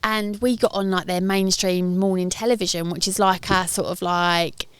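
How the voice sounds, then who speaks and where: A woman's voice: lowish voice, steady tone, normal speed, a crowd in the background. A woman co-hosting a casual podcast, chatty and rambling, recorded outdoors in a garden. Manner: chatty, rambling with many fillers. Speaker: podcast co-host. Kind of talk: casual chat.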